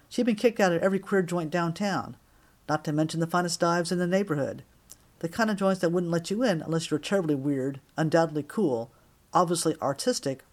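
Man narrating a wry audiobook. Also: a little high. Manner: wry, expressive storytelling.

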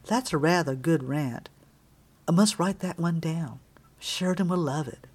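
A woman's voice: sits low, a little slow, darkish tone, breathy edge. A woman reading as a sardonic Southern academic. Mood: clipped. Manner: dry, sardonic.

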